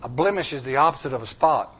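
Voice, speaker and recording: A man's voice: medium pitch, animated, fast talker, a bit bright, breathy edge. A man preaching a sermon in a church, emphatic and repetitive, with folksy jokes.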